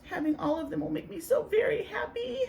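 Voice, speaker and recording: A woman voicing an excited, demanding little boy in a picture-book read-aloud, talking in an eager, whiny way. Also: fairly quick, creaky, slight background noise, exaggerated voice. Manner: whiny, eager, high-pitched.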